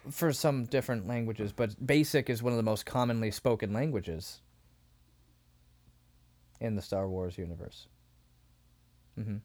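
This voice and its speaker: A man co-hosting a podcast in casual chat, animated and quick to laugh, sometimes acting out scenes with loud outbursts. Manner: wide pitch swings. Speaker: podcast co-host.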